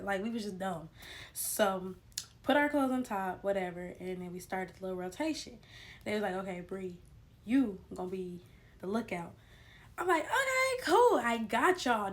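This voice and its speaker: Animated young woman telling a story. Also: medium pitch. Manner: animated, slangy, addresses viewers as y'all. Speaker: storytime vlogger. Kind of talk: casual storytelling to camera.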